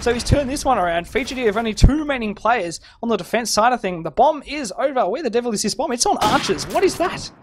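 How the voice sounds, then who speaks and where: A man casting a live shooter match over an internet voice link, excitable, laughing often and tripping over repeated words. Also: very high-pitched, fast, few pauses. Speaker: esports caster. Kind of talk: live game commentary. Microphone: home internet voice chat.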